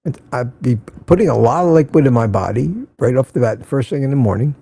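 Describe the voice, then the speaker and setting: Older man, casual livestream host, rambling, warm dark tone, raspy. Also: medium pitch, brisk. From Central Florida. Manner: rambling, reads viewer comments aloud. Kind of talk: casual morning livestream chat.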